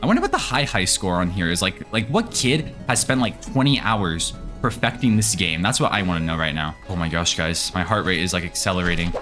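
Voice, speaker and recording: A man's voice: low-pitched, animated, fairly quick, few pauses, a bit bright, faint music behind. Jittery young man playing a scary game. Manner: jittery, nervous, talks to the animatronics and viewers. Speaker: gaming video creator. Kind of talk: casual let's-play commentary.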